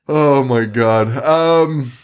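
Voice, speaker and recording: A man co-hosts a casual horror film podcast, telling the story loosely with laughter and profanity. His medium-pitched voice has a clean tone and drawn-out words.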